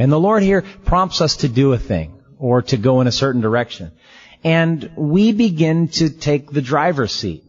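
A man preaching a sermon, telling the story in a lively, conversational way. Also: a little high, normal speed. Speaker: pastor. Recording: slightly dull lo-fi sound.

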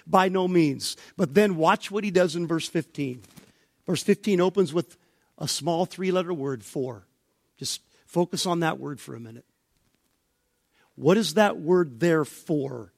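A male pastor preaching a sermon, building to emphatic near-shouts when he voices objections. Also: high-pitched, unhurried, dry recording, studio quality.

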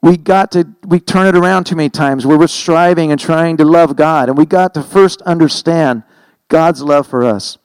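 A man's voice: a little high, a little mellow, clean tone, no echo, poor audio. Earnest middle-aged male pastor preaching. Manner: earnest, conversational preaching with self-corrections. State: emotional, heavy-hearted. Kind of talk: sermon.

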